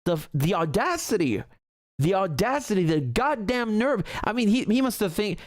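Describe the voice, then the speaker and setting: A man's voice: high voice, big pitch swings, moderate pace, no echo, studio quality. Indignant man hosting live commentary. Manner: indignant, emphatic, swears freely. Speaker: political commentary host. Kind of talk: live commentary on a video clip.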